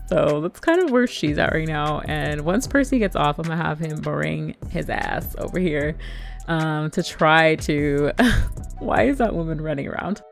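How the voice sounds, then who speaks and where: Gravelly-voiced woman narrating a game. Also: low-pitched, a little slow, soft background music. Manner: chatty, laughs often, lots of fillers. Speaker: let's play narrator. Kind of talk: casual game storytelling narration.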